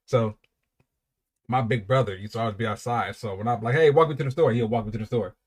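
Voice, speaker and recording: A man hosting a casual reaction video, talking in an animated, profane way and laughing often. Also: medium pitch, quick pace. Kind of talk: casual reaction commentary and storytelling.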